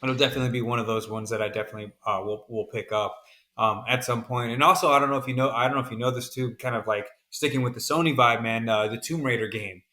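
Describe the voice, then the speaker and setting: Laid-back man with a bright voice. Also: medium pitch, steady tone, fast. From American South. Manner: laid-back, says "man" often, rambling with fillers. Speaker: podcast co-host. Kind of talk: casual chat.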